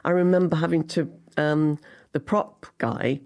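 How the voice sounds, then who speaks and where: A woman's voice: sits low, steady tone, a little slow, darkish tone. A woman in her seventies from Liverpool, a guest actress telling anecdotes in an interview and acting out her own past thoughts as she goes. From Liverpool, England. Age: 70s.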